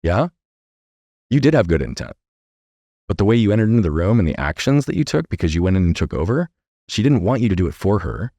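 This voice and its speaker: Deep-voiced guy on a podcast, earnest storyteller, keeps saying right?, dry close sound. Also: fast, no echo. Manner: earnest, animated storytelling with many "right?" tags. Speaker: podcast guest, coach.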